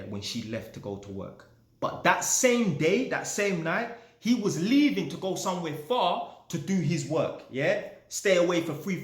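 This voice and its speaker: A man's voice: a little high, reverberant. A man telling a story casually, swearing often and ending lines with "yeah?". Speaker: vlogger.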